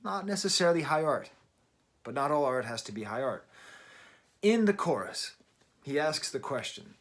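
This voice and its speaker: A man's voice: a little high, animated, normal speed, pauses often, a bit bright. A middle-aged man giving a casual, emphatic and wry album review from his daughter's bedroom at home. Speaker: music reviewer.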